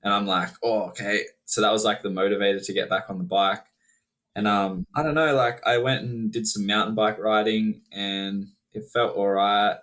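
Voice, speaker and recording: A man's voice: lowish voice, steady tone, a bit bright. A man from Australia, a freestyle motocross rider, chatting casually as a podcast guest in a laid-back way, full of fillers. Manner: laid-back, drawn-out, filler-heavy talk. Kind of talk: casual chat.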